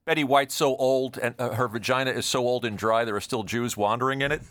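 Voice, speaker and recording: A man co-hosting a comedy podcast, asking questions enthusiastically and laughing loudly. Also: medium pitch, steady tone, brisk, dry recording. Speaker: podcast co-host. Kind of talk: casual interview chat.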